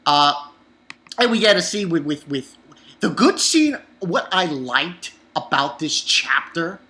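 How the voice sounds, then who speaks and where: A man reviewing a manga chapter in an excitable, profane, rambling way. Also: a little high, slow. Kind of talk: casual online review.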